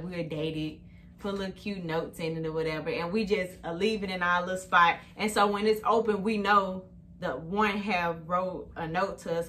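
A woman's voice: on the low side, fairly bright tone, slight background noise. A woman vlogging at home in a casual, chatty way, talking straight to her viewers on a phone camera.

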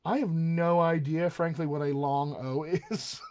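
A man's voice: fairly high pitch, steady tone, unhurried, a little mellow. An American man working as a dialect coach, answering viewer questions in a live online session and demonstrating sounds as he explains. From United States.

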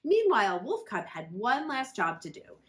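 Expressive woman reading a picture book. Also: mid-range voice, normal speed. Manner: expressive, friendly storytelling. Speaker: children's librarian.

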